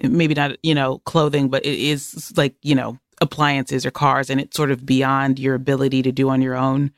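A woman chatting as a podcast guest, animated and jokey, with quick asides. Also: a bass voice, dry recording, studio quality. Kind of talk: casual conversation.

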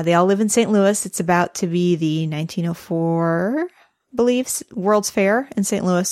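A woman's voice: lowish voice, darkish tone, clean tone, no echo, clean studio sound. A woman with a Midwestern accent co-hosting a podcast, amused and easygoing in casual chat. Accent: Midwestern American. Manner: amused, easygoing, laughs often. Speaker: podcast co-host.

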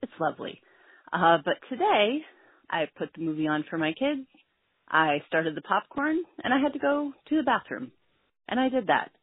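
A woman's voice: mid-range voice, sing-song, moderate pace, husky, no echo. A woman co-host telling a casual story from home, laughing at herself as she goes. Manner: self-deprecating, laughing storyteller. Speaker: podcast co-host. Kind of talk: casual check-in monologue. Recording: tinny phone-like line.

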